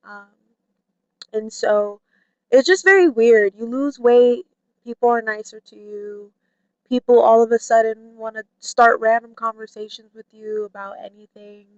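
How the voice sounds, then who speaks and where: A woman vlogger talking candidly to camera in a chatty way, full of "like" and "you know", who mimics her friends in a high playful voice. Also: a little slow, clear, resonant tone, no room sound, dull audio. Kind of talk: candid personal talk to camera.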